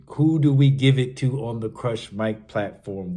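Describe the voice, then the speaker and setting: A man hosting a podcast, giving casual, hyped-up commentary on battle rap that swings from shouts to murmurs. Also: medium pitch, expressive, a little slow, few pauses. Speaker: podcast host.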